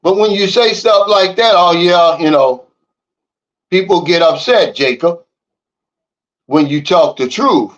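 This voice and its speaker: A man living in the Philippines reads his livestream chat and rants, casual but fired-up and blunt, repeatedly saying "Big Dog" and "okay?". His voice sits high, his pace is measured with frequent pauses, and the audio is dull.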